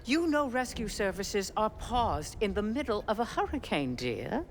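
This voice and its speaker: A woman voicing a stern, proud older grandmother, speaking in a measured, imperious way. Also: medium pitch, sing-song, slight background noise. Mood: haughty. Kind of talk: video game voice acting.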